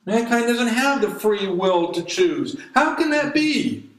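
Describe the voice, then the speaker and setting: Male pastor, earnest pleading sermon delivery, slightly high pitch, echoey church room. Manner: earnest, pleading preaching with scripture reading.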